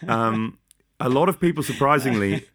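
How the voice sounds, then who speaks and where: With a mid-range, expressive and fairly bright voice, this Australian podcast co-host keeps the chat casual and rambling. He jokes a lot and drops quick side notes along the way.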